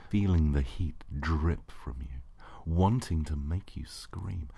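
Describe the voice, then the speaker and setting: A man narrating an intimate erotic audio story in a slow, hushed voice that often drops to a breathy whisper. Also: rumbling low, no echo.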